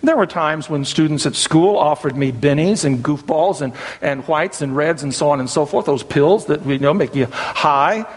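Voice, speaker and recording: A man's voice: a little high, moderate pace, hardly any pauses, long reverb tail. A middle-aged man from the American South with a Southern accent, preaching an earnest sermon in a church. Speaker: pastor. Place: church sanctuary.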